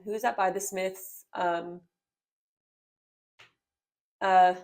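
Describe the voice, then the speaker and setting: A woman's voice: mid-range voice, level tone, extremely slow, vocal fry, pauses often. A woman in her twenties doing a casual tarot reading, talking in a rambling, heartfelt way full of filler words. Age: 20s. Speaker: tarot reader.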